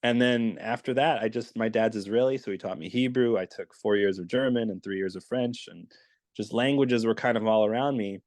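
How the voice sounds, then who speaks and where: A man's voice: on the low side, steady tone, fairly quick, a little mellow, dry recording. A man talking as a dialect coach guest in a casual interview, explaining with enthusiasm.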